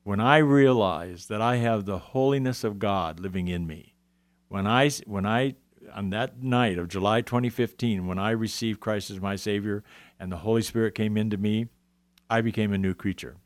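A man's voice: fairly low pitch, moderate pace, no room sound. A man earnestly telling his Christian testimony in a conversation, often quoting scripture. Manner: earnest, emotional, quotes scripture. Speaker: guest sharing testimony.

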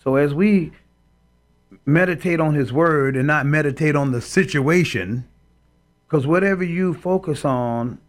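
A man co-hosts a Christian talk show, preaching emphatically and quoting scripture during a faith discussion. His voice sits on the high side and moves a little slowly.

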